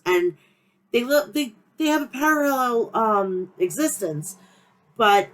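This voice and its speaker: A woman with a nasal Long Island New York accent hosting a wrestling podcast, talking in a profane, passionate, rambling rant. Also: fairly high pitch. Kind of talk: casual rant.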